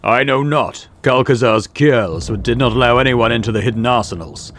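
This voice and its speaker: A man voicing a gruff, proud warrior in a video game, speaking in an old-fashioned, boastful way. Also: mid-range voice, normal speed, fairly bright tone, a little hiss or hum, lightly acted. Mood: grim. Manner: archaic, boastful warrior speech. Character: gruff male Norse-style warrior, proud and blunt.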